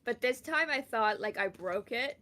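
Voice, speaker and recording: A woman's voice: fairly high pitch, expressive, moderate pace, sharp tone. A young woman from Canada telling a long rambling story in casual chat while gaming, full of fillers. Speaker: streamer.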